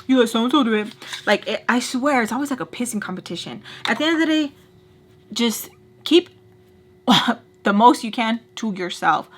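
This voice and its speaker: A young woman telling a dramatic story while doing her makeup, acting out what people said, shifting from hushed asides to loud outbursts. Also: fairly high pitch, normal speed, slightly rough. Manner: expressive storyteller, acts out quotes, switches loud and soft. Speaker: beauty vlogger telling a story.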